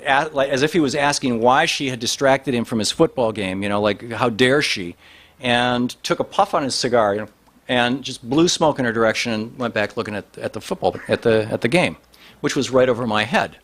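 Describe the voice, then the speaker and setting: A man's voice: mid-range voice, a little fast, a bit bright. A man telling a long anecdote in a rambling way, full of restarts and fillers. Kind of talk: storytelling talk.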